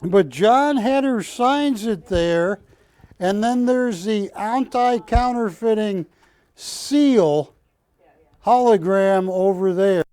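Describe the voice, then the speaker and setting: A man's voice: sits high, takes it slowly, darkish tone, clear, resonant tone, no echo. A man hosting a live shopping-channel auction, bantering and calling out bids in a studio. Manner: jokey, chatty, calls bids and counts them down. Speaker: auction host.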